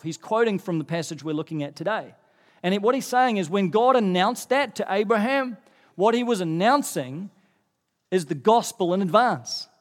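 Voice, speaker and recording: High-voiced pastor preaching in a reverberant hall. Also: male voice. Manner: animated, rising when stressing a point. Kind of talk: sermon. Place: church hall. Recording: long reverb of a church hall.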